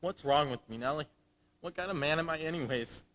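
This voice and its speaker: A man's voice: on the high side, a little fast, a bit bright, slight background noise, lightly acted, poor audio. A teenage boy acting and singing as a troubled young Marine lieutenant in a school musical on stage. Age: late teens. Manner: anguished, searching, sung ballad. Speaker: student actor in a school musical.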